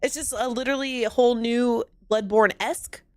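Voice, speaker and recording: A woman streaming a live reaction, excitable and quick to exclaim and laugh. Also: fairly high pitch, no echo.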